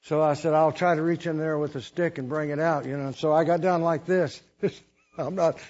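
A man's voice: fairly high pitch, steady tone, a little fast, a little mellow, highs cut off. An older man, a missionary preacher, telling a story in a folksy, rambling sermon with restarts and chuckles.

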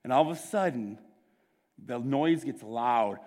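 Animated storytelling pastor, man, echoing. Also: medium pitch. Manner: animated storyteller, quick bursts, dramatic hushes. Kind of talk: sermon storytelling.

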